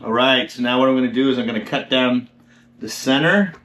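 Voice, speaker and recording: A man hosting a home cooking video, talking through each step and admiring the food with drawn-out, excited exclamations. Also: medium pitch, slight background noise. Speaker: cooking channel host. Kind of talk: cooking vlog narration.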